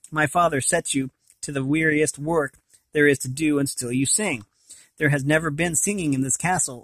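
A man reading a fantasy novel aloud in a plain, unhurried way, with frequent slips and restarts. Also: on the high side, fairly bright tone, no room sound. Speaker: reader.

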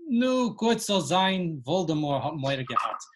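A woman reading aloud the lines of a stern, folksy older female professor, slowly and carefully. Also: sits low, very animated. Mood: earnest. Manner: slow careful reading of quoted dialogue.

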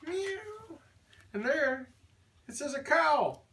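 Older grandpa reading a picture book to a baby, bouncy sing-song voice, big pitch swings, mic a bit far off. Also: male voice, measured pace, slight background noise. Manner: sing-song, animated, with playful animal noises.

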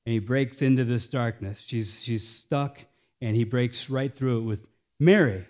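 An American male pastor delivering a sermon, swinging between hushed, slowed phrases and loud, emphatic lines. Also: medium pitch, steady tone.

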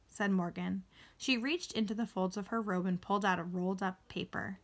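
A woman's voice: medium pitch, fairly even intonation, normal speed. A woman reading a children's chapter book aloud, lifting her voice for the children's lines and sometimes restarting a word. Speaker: reader.

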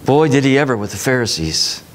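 A man's voice: mid-range voice, lively intonation, a little fast, slight background noise. A man preaching a sermon as pastor, talking in a conversational way and acting out the voices of people he quotes.

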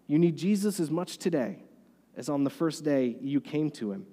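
A man's voice: fairly high pitch, mellow, long reverb tail. A man preaching a sermon as pastor, earnest and conversational.

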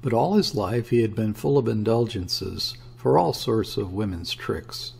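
A man reading a classic story aloud as an audiobook narrator, in a measured way. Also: fairly low pitch, animated, creaky, darkish tone, breathy edge.

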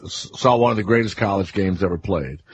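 A man's voice: deep voice, brisk, husky. A man from New Orleans hosting a radio talk show, asking questions in a rambling way with many restarts. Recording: dull lo-fi radio audio.

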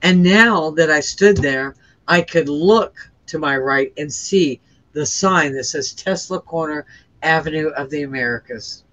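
A woman's voice: low voice, measured pace, fairly bright tone, rough recording. A woman guest giving an earnest, rambling account in conversation, restarting her sentences and using plenty of fillers. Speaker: interview guest sharing a near-death experience.

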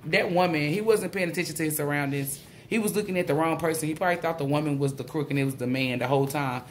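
A woman doing a casual spiritual tarot reading, excitable and blunt, swearing freely. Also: deep voice, fast, a little hiss or hum. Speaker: tarot reader.

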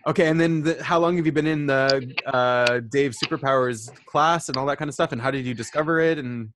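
A man hosting a casual interview over a video call, upbeat and encouraging with quick affirmations. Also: mid-range voice, noisy background. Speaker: interviewer, show host.

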